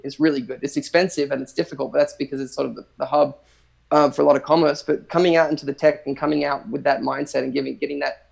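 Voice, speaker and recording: Fast-talking Australian man, gravelly. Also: fairly high pitch, poor audio. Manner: relaxed, rambling, thinks aloud with many restarts. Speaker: livestream guest. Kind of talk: casual chat.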